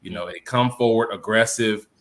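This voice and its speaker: Low, bright-toned man analyzing boxing. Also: normal speed. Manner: thoughtful, talks in long qualified runs with many fillers. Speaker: panel co-host. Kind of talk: casual live-stream boxing analysis.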